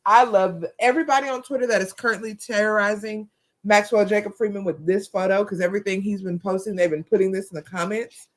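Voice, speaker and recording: Animated woman cohost chatting casually, bursts into excited yelling. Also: medium pitch, fast. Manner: animated, breaks into loud excited yells when retelling. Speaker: co-host. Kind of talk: casual chat.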